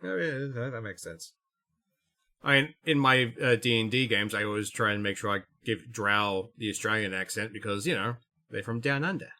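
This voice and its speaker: A man co-hosting a podcast in casual chat, animated and jokey. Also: fairly low pitch, moderate pace. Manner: animated, jokey, puts on voices. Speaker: podcast co-host.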